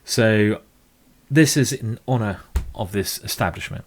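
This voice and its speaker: A man's voice: on the low side, a little slow. A man commentating live blitz chess games, rambling and emotional with tipsy asides. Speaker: chess streamer.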